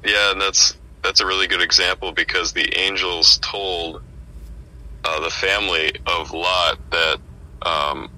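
A man with a very low voice and a sharp, bright tone, talking casually about the Bible. He thinks out loud, with frequent pauses and restarts. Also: steady tone, poor audio. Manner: thoughtful, hesitant, searching for words. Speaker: street preacher.

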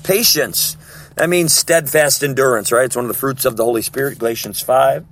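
A man's voice: medium pitch, a little fast, fairly bright tone, a little hiss or hum. A man preaching a sermon in an emphatic teaching manner, repeating key words and often checking in with his listeners. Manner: emphatic, repetitive teaching with frequent check-ins.

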